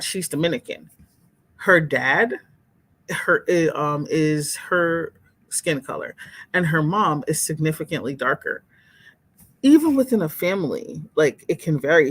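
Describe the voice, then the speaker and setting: A woman hosting a livestream in casual chat, speaking candidly and expressively to viewers as she reads their comments. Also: low voice. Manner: candid and expressive, exclaims and laughs, talks straight to viewers.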